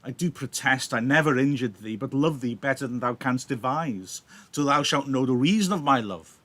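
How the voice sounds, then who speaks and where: A teacher reading as a gentle, placating Romeo. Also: male voice, mid-range voice, moderate pace, lightly acted. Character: gentle young male Romeo refusing a fight.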